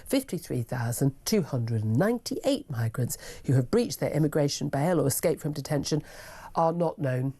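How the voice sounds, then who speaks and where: Gravelly sardonic British woman host. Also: sits low, lively intonation, mellow. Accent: British English. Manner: brisk, sardonic and scornful. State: sniffly from a cold. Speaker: radio talk show host. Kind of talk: opinionated talk radio monologue. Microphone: studio microphone.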